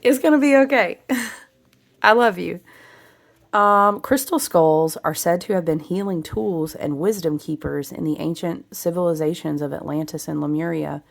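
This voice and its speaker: Gravelly-voiced woman giving a casual card reading. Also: low-pitched. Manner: warm, chatty, laughs often, reads card text aloud. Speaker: spiritual card reader.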